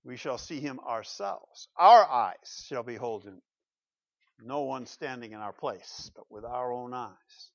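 A man preaching a sermon in a church, swinging from loud emphatic declarations to low asides and asking the congregation rhetorical questions. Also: a little slow, gravelly, no room sound, dull audio. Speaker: pastor.

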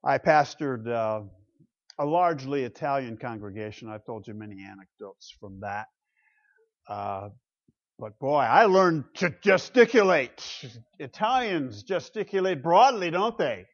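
A man's voice: mid-range voice, expressive, measured pace, lo-fi sound. A man preaching a sermon from the pulpit as pastor, talking conversationally and asking the congregation rhetorical questions. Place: church pulpit.

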